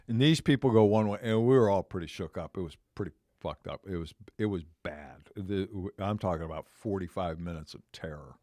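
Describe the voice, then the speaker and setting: A man's voice: deep voice, a little mellow, no room sound, clean studio sound. A man around seventy, hosting a podcast, telling a long personal story in a casual, rambling way that repeats phrases and circles back. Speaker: podcast host.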